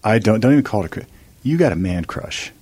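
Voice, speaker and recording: A man with a somewhat low, husky voice hosts a casual talk show. He stumbles and repeats his words as he talks. The recording is dry and close. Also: lively intonation, quick pace, dark tone, no echo. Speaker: host. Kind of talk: casual chat.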